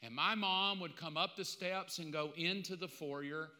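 A middle-aged man preaching a sermon as pastor, impassioned and conversational, with dramatic pauses. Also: a little high, sharp tone, long reverb tail. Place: church sanctuary.

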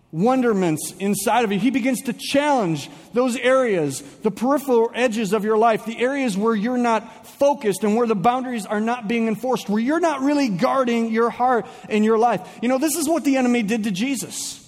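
A young man preaching a sermon as a pastor, telling a comic personal story with lively, animated delivery and shifting pace. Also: high-pitched, long reverb tail. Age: young adult.

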